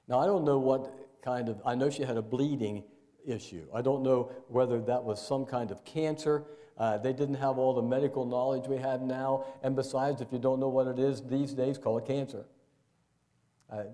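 An older man preaching a sermon to his congregation in a folksy, conversational way. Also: mellow. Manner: conversational, folksy, jumps into high playful voices for asides. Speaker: pastor. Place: church sanctuary.

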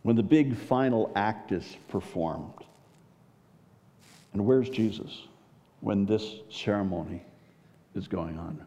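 A man's voice: on the low side, slow pace, long pauses, mellow. A man preaching a Bible teaching sermon, putting rhetorical questions to his listeners. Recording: dull recording with long hall reverb.

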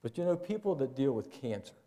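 A man's voice: very animated, quick pace, warm tone. An older man preaching a sermon to his congregation in a folksy, conversational way. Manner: conversational, folksy, jumps into high playful voices for asides. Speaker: pastor. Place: church sanctuary.

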